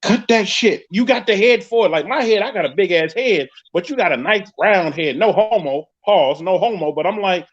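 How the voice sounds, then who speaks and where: A man with a New York accent hosting a live podcast, telling a story in a loud, profane, animated way. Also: sits high, moderate pace, few pauses. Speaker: podcast host. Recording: dull lo-fi stream audio.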